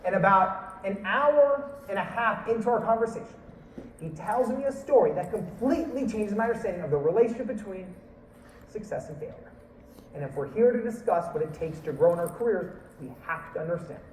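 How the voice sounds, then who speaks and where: A man telling a story in a talk, lively, acting out what people said. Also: high voice, fairly quick, roomy sound, recorded from a distance, slight background noise, rough recording. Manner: animated, acts out quotes and laughs. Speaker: speaker.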